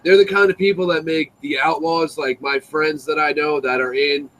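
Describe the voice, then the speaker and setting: A man's voice: fairly high pitch, moderate pace, poor audio. A young man telling a story in casual, profane greaser slang, acting out the voices of the people in it. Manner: animated, acts out voices in his story. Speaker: live stream guest.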